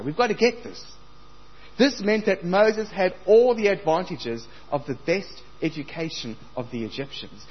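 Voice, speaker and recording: A man preaching a sermon, acting out scripture voices with big swings in loudness and emphasis. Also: on the high side, husky. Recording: dull lo-fi sound.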